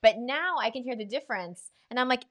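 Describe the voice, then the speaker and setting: A woman co-hosting a live chat, animated and quick to laugh. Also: a little high, no echo. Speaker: co-host. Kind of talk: casual chat.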